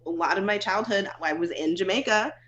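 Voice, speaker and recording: A woman's voice: medium pitch, brisk, a bit bright, lo-fi sound. An American woman from Florida in a casual panel discussion, talking emphatically and with exasperation, often repeating herself for effect. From Florida, United States.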